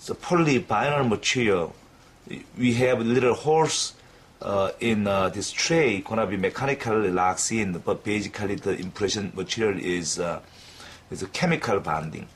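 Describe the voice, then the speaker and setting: A man giving a clinical demonstration lesson, talking in a halting way with frequent fillers and restarts. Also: fairly low pitch, slight background noise. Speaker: dental instructor.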